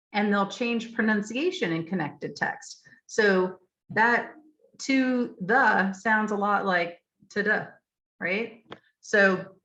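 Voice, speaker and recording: A woman leading a teacher training session over a video call, explaining clearly with frequent ums and saying example phrases aloud. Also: mid-range voice, sharp tone. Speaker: literacy trainer. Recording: dull lo-fi video call audio.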